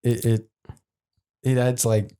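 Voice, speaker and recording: A nineteen-year-old man, a podcast producer, chatting in a laid-back, halting way with lots of fillers. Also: mid-range voice, flat delivery, warm tone, clean tone. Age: young adult. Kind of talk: casual chat.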